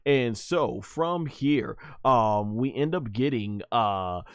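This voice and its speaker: A man's voice: medium pitch, lively intonation, takes it slowly, clean tone, no room sound. Chatty man recapping an episode, dry sound. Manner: rambling, with many fillers and restarts, chuckling often. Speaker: anime episode reviewer, channel host. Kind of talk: casual spoken episode recap.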